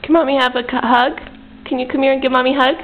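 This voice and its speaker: A woman's voice: high voice, flat delivery, fast, soft background music. A mother filming her toddler at home, coaxing her in sing-song baby talk. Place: home, indoors. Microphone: built-in camera mic. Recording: tinny lo-fi home camcorder audio with faint hiss.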